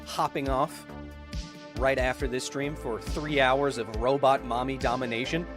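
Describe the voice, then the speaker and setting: A man at an ordinary middle pitch hosts a science livestream, cheerful and joking as he reads out viewer messages. His energy jumps in quick bursts of enthusiasm, with faint music playing softly behind him. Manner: upbeat, jokey, bursts of excitement. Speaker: science YouTuber host. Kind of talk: livestream chat, reading viewer donations.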